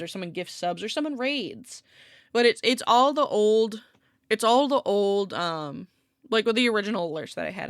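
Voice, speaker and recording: A woman livestreams from a home room next to a window, chatting with viewers in a loose, wandering manner, frequently laughing and lightly swearing. Her mid-range voice comes through a desk streaming mic with clean studio sound and no echo.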